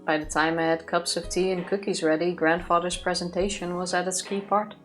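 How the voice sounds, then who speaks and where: A woman reading a visual novel's narration aloud for a let's play. Her voice is somewhat low for a woman and steady, with faint music in the background. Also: fairly quick. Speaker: let's play co-host reading the game text.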